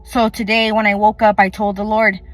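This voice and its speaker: A woman's voice: mid-range voice, flat delivery, a little fast, dry recording, soft background music. A woman telling a personal faith testimony in an earnest, chatty way, often saying "like" and acting out what others said. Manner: earnest, chatty, full of "like" and quoted dialogue. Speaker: faith vlogger.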